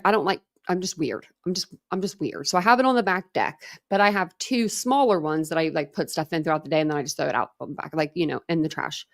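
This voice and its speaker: A woman hosting a true crime livestream, chatting casually with viewers in a rambling way, full of fillers and restarts, and reading comments from the chat. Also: fairly low pitch. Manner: reads and answers live chat comments. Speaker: true crime channel host.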